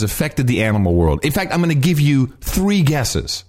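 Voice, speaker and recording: A man's voice: mid-range voice, big pitch swings, normal speed, hardly any pauses, darkish tone. A man hosting a podcast, chatting casually and mocking a news story with sarcasm. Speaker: podcast host. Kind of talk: casual chat.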